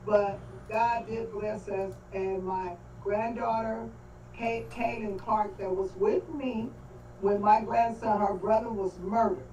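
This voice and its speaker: Older woman, mellow and halting, devout; distant, roomy, muffled call sound. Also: mid-range voice, steady tone. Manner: halting, faith-filled, breaks off mid-phrase. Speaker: grieving great-grandmother speaking at a livestream. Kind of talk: emotional testimony on a video call. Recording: echoey, distant, dull call audio with faint noise.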